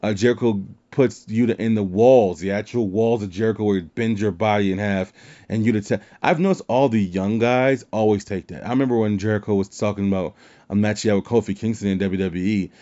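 A man's voice: fairly low pitch, steady tone, brisk, warm tone. A man hosting a wrestling podcast in casual chat, rambling and swearing freely. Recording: dull lo-fi sound.

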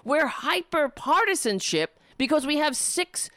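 A woman's voice: sits high, big pitch swings, measured pace, fairly bright tone, no room sound, studio quality. A young adult woman hosting a political show from home, reading an op-ed aloud and breaking in with sarcastic, profane commentary while losing her voice. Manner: sarcastic, profane, interrupts herself.

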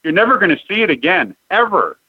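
Nostalgic higher-voiced man, dry lo-fi sound. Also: big pitch swings, fast talker, slightly rough, no room sound. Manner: nostalgic, reflective reminiscing. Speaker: podcast host. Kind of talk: casual interview chat. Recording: dry, dull lo-fi audio.

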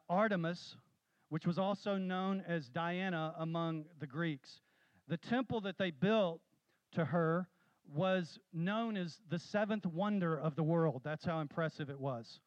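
A man preaching a sermon, telling stories with animated, rising emphasis. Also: a little high, no room sound, dull audio. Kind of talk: sermon with storytelling.

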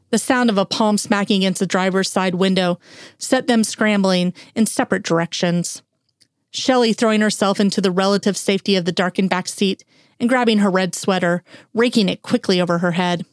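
A woman's voice: mid-range voice, a little fast, no echo, clean studio sound. A woman narrating an audiobook in a wry, lightly humorous storytelling manner.

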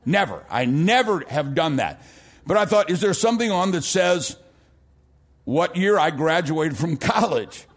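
A middle-aged American man preaching a sermon as pastor, telling stories animatedly and rising into shouts for emphasis. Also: a little high, sing-song, unhurried. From United States.

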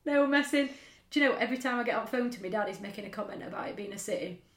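A woman's voice: medium pitch, rapid-fire. A woman telling stories in a casual chat as podcast co-host, laughing often. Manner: laughing, chatty storytelling with dialect. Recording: roomy echo.

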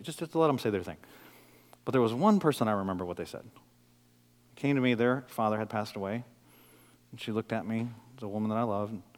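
A middle-aged man from the Detroit area, a pastor preaching a sermon, moving between loud, intense passages and quiet, intimate ones. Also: medium pitch, big-room sound. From Detroit area, USA.

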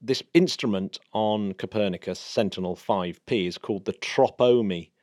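A man's voice: lowish voice, normal speed, darkish tone, dry recording, clean studio sound. A man co-hosting a podcast in casual, enthusiastic, jokey chat. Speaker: podcast co-host.

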